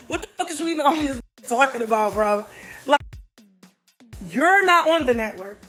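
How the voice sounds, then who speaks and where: Woman, high voice, mocking, scolding, profane, faint background music. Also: expressive, moderate pace, pauses often, fairly bright tone. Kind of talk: angry profane rant.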